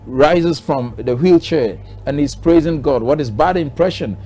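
A man's voice: a little high, measured pace, mellow. A man from Ghana, a bishop answering interview questions in a preaching manner, driving his points home with repeated rhetorical questions.

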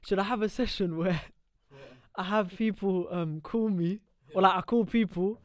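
A man's voice: high-pitched, steady tone, normal speed, no room sound, clean studio sound. A young man co-hosting a podcast in casual, joking, rambling banter. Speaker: podcast co-host. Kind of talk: casual chat.

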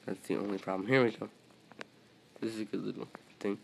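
A man commenting on his own gameplay as he plays, excitable, yelping at other players one moment and muttering to himself the next. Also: medium pitch, moderate pace, vocal fry, long pauses, slight background noise, poor audio. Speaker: gaming video creator.

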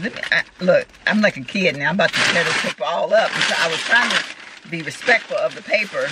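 A Texan woman vlogging from a parked car, with road noise in the background, unboxes gifts for her viewers. Her voice is fairly low and fairly quick, and she talks casually and effusively, full of exclamations and heartfelt thanks.

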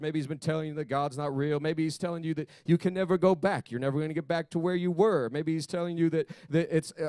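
Man, youth pastor, fervent sermon, shouts and hushed asides, slightly high voice, dry close sound. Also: no echo. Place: church service.

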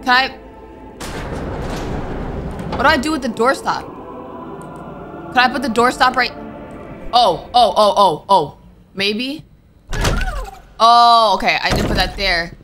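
Speaking slowly with long pauses, a young gaming streamer with a slightly high voice comments on her play, talking to herself and jumping at nervous moments while game music plays.

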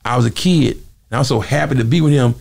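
A man with a deeply gravelly voice tells stories from his career at a quick clip. His delivery is animated and conversational. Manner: animated storyteller, acts out quoted voices. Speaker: interview guest, former singer. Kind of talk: casual storytelling interview.

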